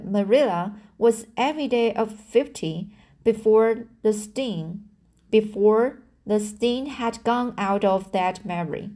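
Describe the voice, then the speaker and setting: Woman reading aloud, slow and halting. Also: medium pitch, mellow. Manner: halting, with restarts and self-corrections. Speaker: reader of a novel aloud. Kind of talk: slow read-aloud with commentary.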